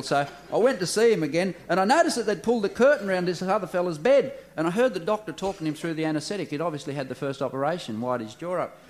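A man telling a comic story live, chatty and laughing as he spins the yarn. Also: on the high side. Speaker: comedy storyteller. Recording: live stage with audience and noise. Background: audience and ambient noise.

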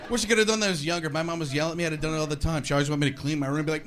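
A man doing a stand-up comedy routine in an animated way, slipping into mock voices, with audience laughter behind him. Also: on the high side, racing, hardly any pauses, a little hiss or hum. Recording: live club set with crowd.

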